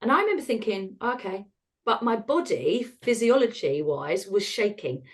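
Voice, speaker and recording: In a medium-pitched, animated voice at normal speed, a middle-aged British woman who used to work as an osteopath shares her story during an interview. She is frank and wry, performing snippets of dialogue as quotes.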